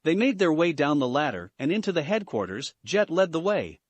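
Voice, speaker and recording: A man reading a fan fiction story aloud as scripted narration, even and unhurried. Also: on the high side, no room sound.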